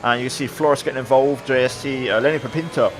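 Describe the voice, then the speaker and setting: A man's voice: medium pitch, fast talker. Brief: male sim racer narrating his race replay, easygoing, lots of fillers, noisy game audio behind. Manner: relaxed, reflective, with many fillers. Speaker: sim racing video creator. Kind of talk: replay commentary voice-over.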